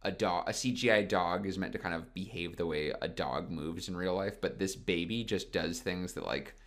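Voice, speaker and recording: A man's voice: low voice, normal speed, fairly bright tone. A man co-hosting a podcast, talking through a film in a loose, rambling way full of filler words. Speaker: podcast co-host. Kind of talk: casual film discussion.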